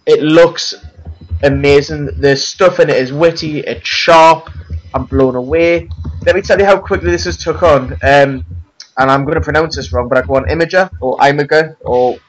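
Opinionated co-host, a touch higher-pitched, grasping for names mid-sentence. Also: male voice, steady tone, moderate pace, highs cut off. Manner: emphatic, searches for words. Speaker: podcast co-host. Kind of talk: casual film chat.

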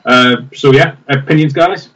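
A man's voice: on the high side, moderate pace, a bit bright, far from the mic, poor audio. A man co-hosting a casual film chat, enthusiastic and rambling with many fillers. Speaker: podcast co-host.

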